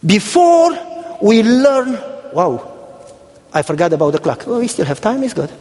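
A man's voice: high voice, very animated, moderate pace, darkish tone, long reverb tail. A middle-aged male pastor preaching a sermon, telling a story and acting out both sides of the dialogue. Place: church.

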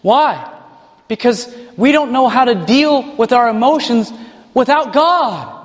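Male preacher, high voice, animated sermon delivery, reverberant hall. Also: a little slow. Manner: animated, mocking put-on voices for examples.

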